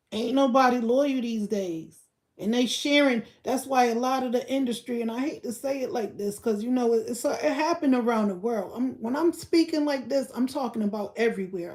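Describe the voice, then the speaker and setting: A woman's voice: a little high, darkish tone, echoey room. A woman hosting a casual livestream rant in a blunt, profane way, talking straight to her chat viewers. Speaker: livestream host.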